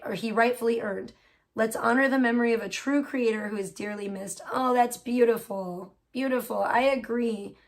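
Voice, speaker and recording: A woman hosting a casual livestream, reading a petition aloud and reacting with feeling. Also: fairly high pitch. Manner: emotional and expressive, swearing at her computer. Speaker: livestream host.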